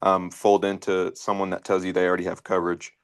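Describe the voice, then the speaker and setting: A man with a low, flat voice asks a question at a sales meeting. He talks fast but sounds hesitant, leaning on fillers as he tries to explain what he means. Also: clean tone. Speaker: sales agent asking a question.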